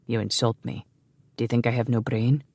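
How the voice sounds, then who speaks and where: A proud, scheming Scottish man, as a male audiobook narrator puts him on, speaking low and heavily with a sneer. The voice is dark and gravelly, recorded close and dry. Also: little pitch movement, brisk, dry recording. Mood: angry.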